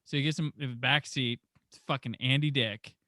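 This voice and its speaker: A man's voice: mid-range voice, fairly even intonation, a little fast, bright, forceful tone, no echo, studio quality. A young man hosting a podcast, telling a story casually in a rambling, profane way with many restarts. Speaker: podcast host.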